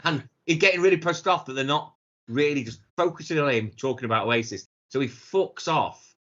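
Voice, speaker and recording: A man's voice: on the high side, expressive, fairly quick, fairly bright tone. A man, co-hosting a podcast in casual chat, telling stories full of swearing and putting on the voices of the people he quotes. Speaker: podcast co-host. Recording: dull lo-fi sound.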